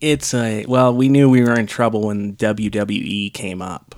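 A man's voice: lowish voice, little pitch movement, normal speed, a little mellow. A man on a casual podcast, recapping a film in a sarcastic, rambling way with lots of ums. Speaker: podcast co-host reviewing a film. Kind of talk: casual chat.

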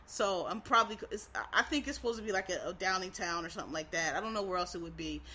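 A woman's voice: fairly low pitch, quick pace, pushed and bright, slightly rough. A woman from Philadelphia with a faint Philadelphia accent, chatting casually and rambling with frequent fillers and restarts. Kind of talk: casual chat.

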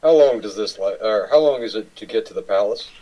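A man's voice: lowish voice, fairly quick, mellow, poor audio. A man playing a tabletop game, asking careful, direct questions. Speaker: player.

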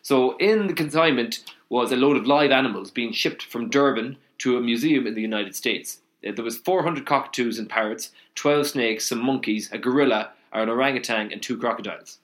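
A man's voice: mid-range voice, a little fast, hardly any pauses, a bit bright. An Irish man co-hosting a casual podcast, telling rambling anecdotes and checking in with "right?" as he goes. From Ireland. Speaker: podcast co-host. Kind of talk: casual chat, storytelling.

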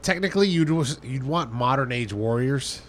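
Guy chatting slow and halting, bit of hiss behind. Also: medium pitch, expressive. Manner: halting, thinks aloud, frequent restarts. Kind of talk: casual chat.

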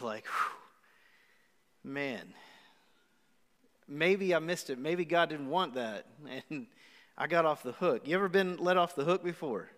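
A man with a high, bright-sounding voice preaches a live sermon and acts out the voices inside his story. The sound rings with a long church-hall reverb, recorded live in a large auditorium. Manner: animated storytelling with acted-out asides. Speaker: pastor.

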